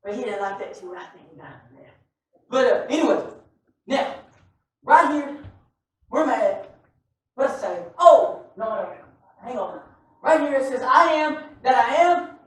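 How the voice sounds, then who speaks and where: A man preaching a sermon to a congregation, animated and often shouting, with joking asides. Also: extremely high pitch, measured pace, pauses often. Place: church sanctuary. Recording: echoey church from far off.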